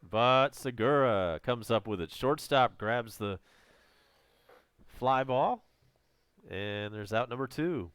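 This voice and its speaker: Southern American man doing casual live baseball calls, voice worn and close to giving out, dry close mic, clear tone. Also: medium pitch, takes it slowly, long pauses, dry recording. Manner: casual, chatty calls with excited home run shouts. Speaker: fan play-by-play announcer. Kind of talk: live baseball play-by-play commentary.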